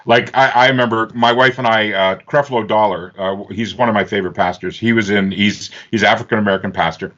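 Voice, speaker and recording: A man from Northern Ontario, Canada, telling stories as an interview guest, animated and fond of doing lively voices for the people in them. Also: on the low side, a little fast, few pauses. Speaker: interview guest, author and speaker. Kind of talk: animated storytelling. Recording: slightly dull lo-fi sound.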